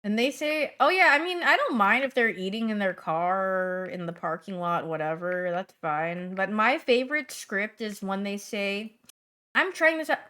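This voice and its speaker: A young woman chatting casually on a livestream, playful and talkative as she answers her chat. She lurches between sudden loud bursts and quiet mumbled asides, with a middle-pitched voice. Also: moderate pace, few pauses, clear, resonant tone. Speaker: streamer.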